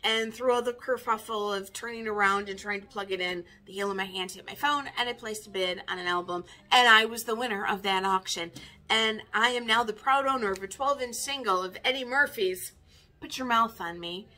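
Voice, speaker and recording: A woman's voice: mid-range voice, a little fast, sharp tone. A woman in her fifties, a record collector chatting casually in a vinyl tag video, wry and self-mocking. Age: 50s.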